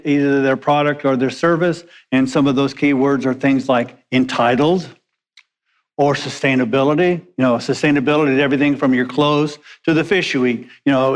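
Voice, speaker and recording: High-voiced male pastor in a reverberant hall. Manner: conversational, anecdotal preaching with asides. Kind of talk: sermon.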